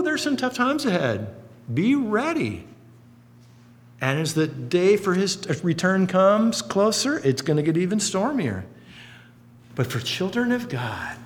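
A man preaching a sermon, telling stories earnestly with lively swings in pitch and loudness. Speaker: pastor. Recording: long hall reverb, faint hum.

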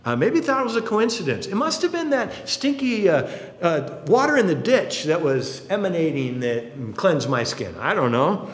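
A man preaching a sermon in an animated way, acting out the people in his stories. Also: on the high side, normal speed. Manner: animated, acts out quotes. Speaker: pastor. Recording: roomy hall reverb.

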